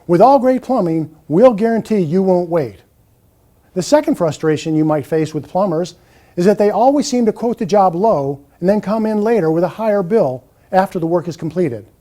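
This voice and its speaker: A man's voice: sits high, expressive, normal speed, mellow. A man voicing a friendly business owner reading an on-hold message, reassuring and salesy. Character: small business owner recording phone greeting.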